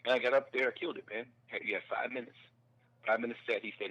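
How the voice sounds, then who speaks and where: A man telling a comedy-club story in a casual chat, animated and acting out the people he quotes. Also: medium pitch, quick pace, highs cut off. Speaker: guest comedian.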